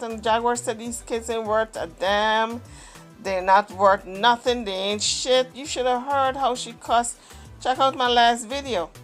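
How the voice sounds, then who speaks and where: A woman hosting a channel, giving opinionated commentary on a family dispute. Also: on the high side. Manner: opinionated, emphatic. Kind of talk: gossip commentary.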